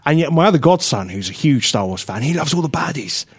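A man co-hosting a casual radio talk show, animated and jokey, laughing often. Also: fairly high pitch, quick pace, slightly rough, no echo, clean studio sound. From England.

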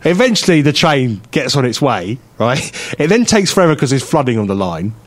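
A man hosting a radio show, telling a story in casual chat, animated and quick to laugh. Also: mid-range voice. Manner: animated storyteller who acts out other people's voices and laughs often. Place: radio studio.

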